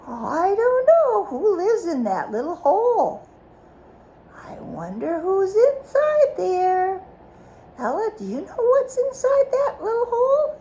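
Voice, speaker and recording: This woman's voice is extremely high, with a slight hiss or hum in the recording. She reads a picture book aloud to a child in an animated way, pausing often to ask questions about the pictures.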